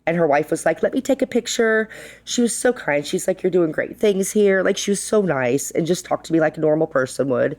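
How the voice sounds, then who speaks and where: A woman's voice: deep voice, a little fast, hardly any pauses. A middle-aged woman who co-owns a bar, chatting as a podcast guest and telling stories full of quoted dialogue. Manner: animated, acts out quotes, says "like" a lot. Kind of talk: casual storytelling. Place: podcast studio.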